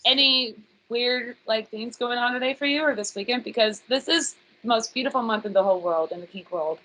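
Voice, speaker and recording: A woman in her thirties hosts a relaxed podcast chat on a podcast mic. Her voice is a touch high and very bright. She talks in a chatty, self-deprecating way, quick to apologize for swearing. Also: a little hiss or hum, poor audio. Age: 30s. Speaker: podcast host. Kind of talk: casual chat.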